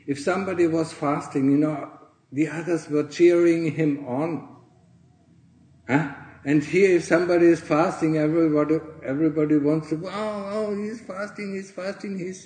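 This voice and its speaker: A man, a Buddhist monk, giving a Dharma talk to fellow monastics in a monastery, earnestly tagging nearly every phrase with "yeah?" or "huh?" and often clearing his throat. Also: a little high, darkish tone, roomy sound, poor audio. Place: monastery in Thailand.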